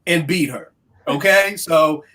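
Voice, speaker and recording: Forties woman ranting on a podcast, loud and animated, sharp bright tone. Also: deep voice, slow pace. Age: 40s. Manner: animated, emphatic and profane. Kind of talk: casual podcast chat.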